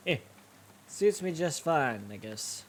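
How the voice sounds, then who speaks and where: A game streamer voicing a cheerful, easygoing old hobo man who talks in a slow drawl. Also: medium pitch, big pitch swings.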